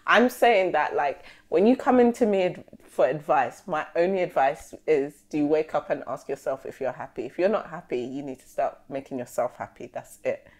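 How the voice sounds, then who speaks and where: A young woman, co-hosting a casual podcast chat, animated and slangy, acting out conversations. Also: sits low, moderate pace, few pauses. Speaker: podcast co-host.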